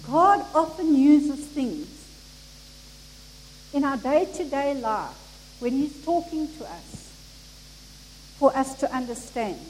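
A woman preaching a sermon, acting out the people in the story with expressive delivery. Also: high voice, takes it slowly, pauses often. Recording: echoey hall with faint noise.

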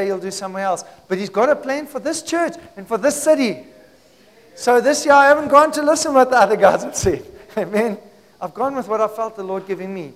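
High-voiced man preaching in an echoing hall. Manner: preaching with call-and-response, swings from hushed to shouting. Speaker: pastor. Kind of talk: sermon. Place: church hall.

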